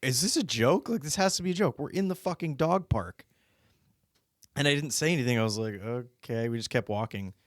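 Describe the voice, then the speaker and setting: A man's voice: medium pitch, animated, a little fast, dry recording, studio quality. A man co-hosting a podcast in casual chat, telling stories in a laid-back way and acting out what people said. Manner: laid-back storytelling with acted-out quotes. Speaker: podcast co-host.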